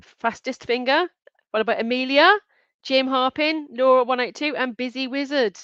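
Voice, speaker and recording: A bright-voiced woman hosts a live online quiz, chatting between questions and often breaking into a giggle. Her voice is smooth and clear but sits a little high. The sound is dry and slightly dull, like lo-fi stream audio. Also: moderate pace, no room sound. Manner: chatty, reads out answer options and names, giggles often. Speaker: quiz host.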